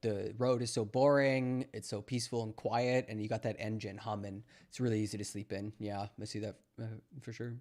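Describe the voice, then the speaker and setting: A man's voice: fairly low pitch, little pitch movement, a little fast, hardly any pauses, a little mellow. Sarcastic rambling young man. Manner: sarcastic, mocking, rambling with fillers. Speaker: streamer reacting to news clips. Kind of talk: casual commentary.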